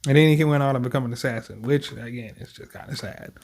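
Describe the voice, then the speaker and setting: A man's voice: medium pitch, fast, creaky, darkish tone, slight background noise. A man hosting a manga reaction, chatting casually and reading the panels aloud in loose, slangy commentary.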